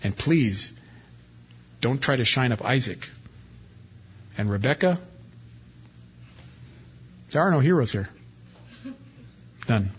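A man's voice: medium pitch, expressive, slow pace, long pauses, husky. A male pastor preaching an expository sermon in a folksy, country-preacher manner, reading scripture aloud and then explaining it. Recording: dull lo-fi recording.

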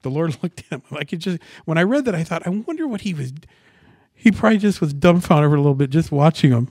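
A man preaching a sermon, asking the congregation rhetorical questions and swinging from quiet asides to loud, dramatic scripture reading. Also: fairly high pitch, lively intonation, quick pace, no echo, clean studio sound. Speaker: pastor.

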